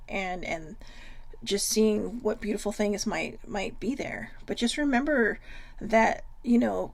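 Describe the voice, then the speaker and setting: A woman's voice: mid-range voice, creaky. A woman hosting a casual self-love livestream, chatty and frank, swearing freely. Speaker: host.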